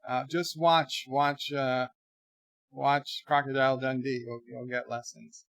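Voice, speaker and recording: A man's voice: mid-range voice, measured pace, vocal fry, no room sound. An American man hosting a casual livestream from his bedroom, joking and rambling as he reads out viewer comments. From United States. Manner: joking, rambling, animated asides. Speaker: livestream host.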